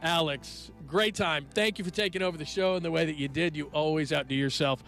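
Upbeat guy hosting sports radio, bright gravelly voice, soft music under him. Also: on the high side. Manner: animated, laughing, quick asides. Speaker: radio sports show host. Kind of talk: casual sports radio banter.

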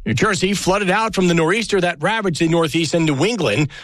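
High-voiced male radio newsreader. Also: brisk, fairly bright tone, no room sound. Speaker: national radio news anchor. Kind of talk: radio news headlines.

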